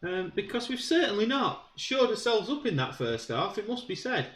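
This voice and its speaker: A man with a Yorkshire accent commentating on his own football management game in a chatty way, full of ums and sudden bursts of excitement. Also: sits high, moderate pace, roomy sound. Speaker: gaming YouTuber.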